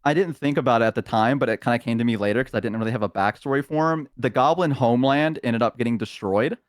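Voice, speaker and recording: A man's voice: medium pitch, fast, no echo. Guy rambling a story on a stream call, lots of ums, dry close sound. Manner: rambling storyteller with many fillers, acts out voices. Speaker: guest on a stream. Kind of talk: casual chat, retelling a roleplay character.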